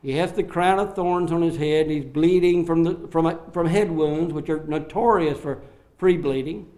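A man preaching an expository sermon, acting out the quoted lines with swings in loudness and slowing down on key phrases. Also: on the high side. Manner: dramatic, acts out the quoted lines with sharp rises and drops in loudness.

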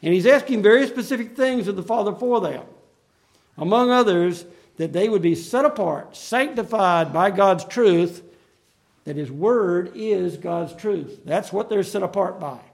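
A man preaching a sermon in an earnest, emphatic way, slowing down to stress key phrases. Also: high voice, vocal fry.

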